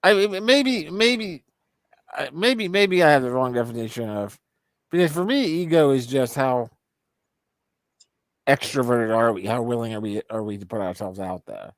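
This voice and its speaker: A man's voice: medium pitch, expressive, moderate pace, dry recording, studio quality. Thoughtful, agreeable podcast co-host man. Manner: thoughtful, agreeable, reasons things through aloud. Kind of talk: casual conversation.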